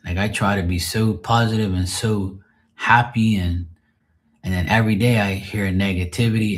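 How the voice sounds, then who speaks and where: A man on a live stream venting in a rambling, emotional monologue, swearing often and sounding drained and sad. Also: lowish voice.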